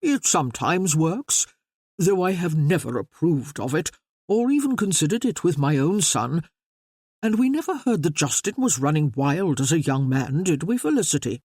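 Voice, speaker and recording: A narrator as a mild older gentleman. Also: medium pitch, very animated, moderate pace, slightly rough, dry recording, clean studio sound.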